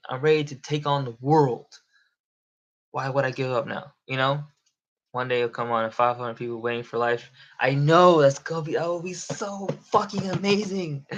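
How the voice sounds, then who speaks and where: A man's voice: mid-range voice, fairly bright tone, highs cut off. A young man chatting casually on a live stream, rambling and swearing, often laughing. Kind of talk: casual livestream chat.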